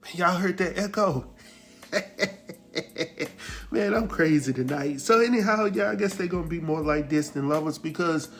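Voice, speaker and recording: A man hosting a casual episode recap, telling the story in a lively, slangy way and acting out the characters' lines. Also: fairly high pitch, fairly quick, soft background music. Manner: slangy, laughs at his own jokes. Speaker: recap show host.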